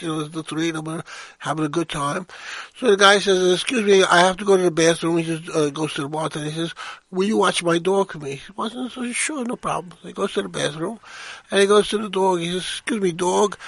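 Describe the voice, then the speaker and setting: A man's voice: on the high side, creaky, dry recording. An older man co-hosting a casual chat show, telling long dirty jokes and acting out the voices in them. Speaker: co-host and engineer.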